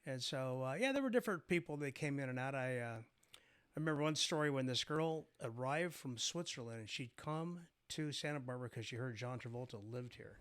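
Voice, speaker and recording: Older man, talk show guest, mid-pitched voice, rambling, reminiscing, lots of fillers. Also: lively intonation, a little fast, a bit bright, smooth. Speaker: guest, former restaurant owner. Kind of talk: casual interview chat.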